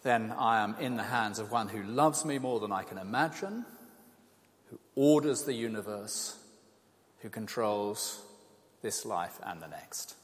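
A man's voice: fairly low pitch, measured pace. Man giving a talk in a reverberant hall. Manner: conversational, self-deprecating, animated storytelling. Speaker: speaker at an evangelistic talk. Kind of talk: evangelistic talk with anecdotes.

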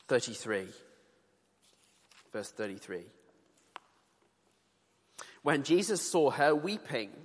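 Reading scripture with casual asides, a British preacher speaks earnestly and conversationally in a slightly high, fairly bright voice. A large hall gives the sound a long reverb.

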